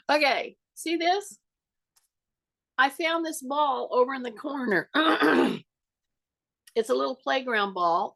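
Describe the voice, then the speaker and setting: High-voiced, slow-paced woman fitness instructor. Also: a bit bright, distant mic, low-quality recording. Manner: measured, chatty, talking directly to viewers while moving. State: frog in her throat, clearing it often. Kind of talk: live-streamed workout demonstration. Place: small indoor workout area.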